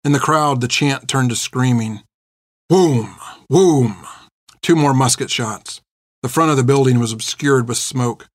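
Steady male story narrator, dry sound. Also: medium pitch, moderate pace, no room sound. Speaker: audiobook narrator. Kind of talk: scripted narration.

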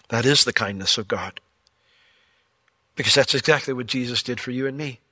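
A man preaching a sermon as pastor, telling the story with jokes and lively asides. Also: mid-range voice, dry recording. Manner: animated, joking storyteller.

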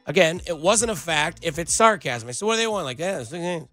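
A man's voice: fairly high pitch, fairly quick, few pauses, bright, forceful tone, no room sound, soft background music. A male sports radio host talking with a sarcastic, riled-up edge.

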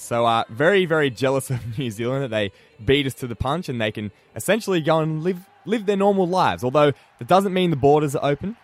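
A man's voice: medium pitch, no room sound. A young Australian man hosting a breakfast radio show, chatting casually with lots of fillers and restarts. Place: radio studio.

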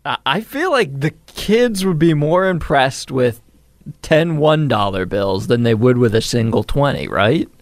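A man's voice: mid-range voice, animated, a little slow, dry recording. A man on a radio show's crew making wry remarks in casual chat.

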